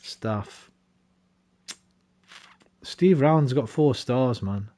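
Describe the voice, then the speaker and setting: A young man commenting on a football management game he is playing, swearing often and venting his frustration in loud bursts. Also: mid-range voice, very slow, a little hiss or hum. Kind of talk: casual live commentary while playing.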